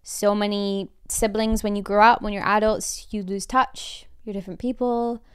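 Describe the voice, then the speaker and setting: Smooth and mid-range, with intonation that stays fairly even, the voice belongs to a Scottish podcaster in her twenties. She talks casually and openly, her slight Scottish accent tinged with American, peppering her speech with "like" and frequent quick laughs.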